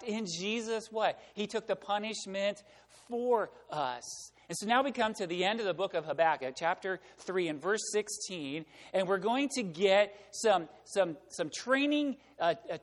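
A man preaching a sermon as pastor, talking conversationally and asking the congregation rhetorical questions. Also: sits high. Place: church sanctuary. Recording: long hall reverb.

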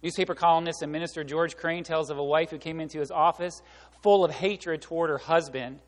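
A man with a high voice preaches to his congregation. He is animated and talks to the room directly, acting out the people he quotes. His voice carries a long reverb, as in a large church sanctuary. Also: brisk. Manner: animated, acts out voices and quotes, laughs along. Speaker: pastor. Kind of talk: sermon.

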